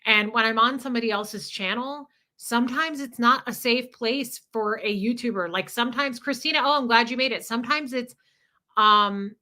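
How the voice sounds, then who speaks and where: Young woman chatting on her livestream, kinda high bright voice, reading off viewer names. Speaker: livestream host. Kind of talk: casual livestream chat with viewers.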